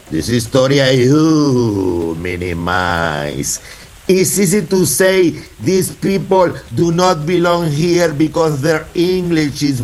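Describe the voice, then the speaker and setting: Slow, chanting older poet. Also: male voice, fairly high pitch. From Puerto Rico. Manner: rhythmic, chanting refrains, slipping between English and Spanish. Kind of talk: spoken word poetry performance.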